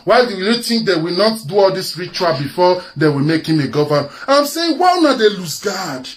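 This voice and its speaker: A man's voice: high-pitched, sing-song, normal speed, a little hiss or hum. A Nigerian man with an Edo accent, delivering an impassioned, scornful live-video rant that slips into Pidgin. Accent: Nigerian, Benin (Edo). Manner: mocks others in put-on quoted voices. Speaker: social media commentator.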